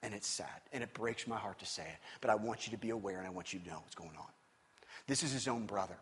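Guy preaching a sermon, kinda husky, voice ringing around a big church hall, gets loud then drops way down. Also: quick pace. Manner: animated preaching, swinging from loud emphasis to low hushed tones. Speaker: pastor.

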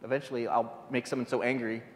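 A man's voice: mid-range voice, level tone, quick pace. A man giving an informal guest sermon, talking off the cuff with many stumbles, repeated words and restarts. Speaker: guest speaker. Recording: long hall reverb.

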